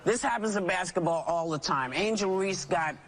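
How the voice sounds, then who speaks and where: A woman's voice: fairly low pitch, normal speed, slight background noise. Dismissive woman panelist, chuckling. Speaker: talk show panelist. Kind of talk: panel discussion clip.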